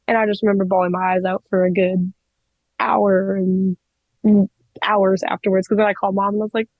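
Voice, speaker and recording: Giggly young woman with a creaky voice. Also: mid-range voice, normal speed, no room sound, narrow, tinny audio. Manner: excitable, giggly, many likes. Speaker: wrestler, guest. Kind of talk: casual interview storytelling.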